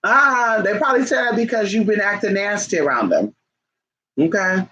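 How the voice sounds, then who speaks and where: A man's voice: high-pitched, animated, moderate pace, pushed and bright, dull audio. A man chatting casually to camera in a sassy, chatty way, calling his viewers honey and girl, and breaking off now and then to scold his pets. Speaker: vlogger. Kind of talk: casual talking-to-camera chat.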